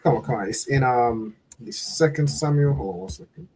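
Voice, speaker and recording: A man in a scripture class reading verses aloud slowly and carefully. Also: mid-range voice, dark tone, slight background noise, low-quality recording. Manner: slow, careful reading with "come on" prompts.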